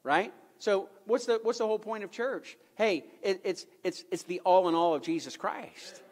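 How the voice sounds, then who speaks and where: High-voiced preacher in an echoey church. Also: male voice, normal speed, darkish tone. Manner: emphatic, repetitive preaching with rhetorical questions. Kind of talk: sermon. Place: church sanctuary.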